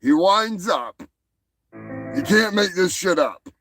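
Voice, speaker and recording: A man's voice: high-pitched, lively intonation, slow pace, fairly bright tone, soft background music, poor audio. A male show host giving rambling, profane comedic commentary, often stumbling over and repeating his words.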